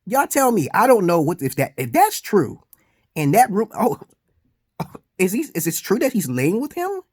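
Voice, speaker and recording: A man ranting in a commentary vlog, profane and heated, jumping from shouted outbursts to low mutters. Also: huge pitch swings, normal speed, slightly rough, no room sound, clean studio sound. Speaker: vlogger giving dating advice.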